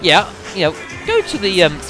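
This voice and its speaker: A man's voice: high-pitched, huge pitch swings, moderate pace, over music. A young man giving rambling, casual commentary on a game he is playing, with fillers and sudden exclamations. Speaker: let's play commentator.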